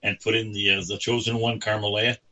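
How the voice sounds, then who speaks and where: A man hosts a talk show, feeding his guest leading questions in a sarcastic tone. His voice sits low but carries a bright, sharp edge. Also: level tone, brisk, lo-fi sound.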